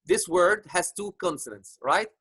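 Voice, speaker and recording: A man's voice: high-pitched, animated, unhurried, pushed and bright, husky, no echo, rough recording. Patient male teacher with a dry sound. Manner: patient, repeats points, many fillers. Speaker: English teacher. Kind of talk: online grammar lesson.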